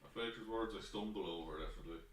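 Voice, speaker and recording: A man's voice: fairly low pitch, very fast, breathy edge. A man co-hosting a football watchalong, giving brief dry replies as a casual chat partner. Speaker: co-host. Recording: quiet voice from far off mic.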